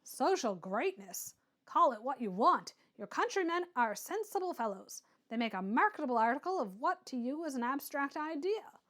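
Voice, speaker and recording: A woman reading an audiobook and voicing a scornful, mocking Englishman who stresses his words loudly and slowly. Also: high-pitched, big pitch swings, exaggerated voice. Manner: loud, emphatic, drawn-out stresses.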